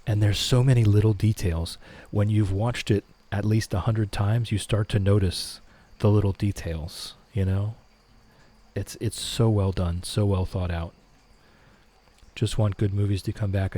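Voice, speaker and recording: A middle-aged man hosting a relaxed live stream, reading viewer comments aloud and answering them. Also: lowish voice.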